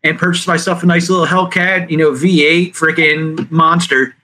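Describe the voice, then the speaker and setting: A man's voice: on the high side, fairly even intonation, normal speed, sharp tone, low-quality recording. A young man in casual chat who hesitates and repeats himself, full of fillers. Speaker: podcast co-host.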